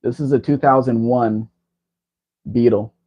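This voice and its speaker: A man's voice: medium pitch, fairly even intonation, a little slow, mellow. A man hosting a casual livestream chat, talking in a rambling, chatty way. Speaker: livestream host. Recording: dull lo-fi stream audio.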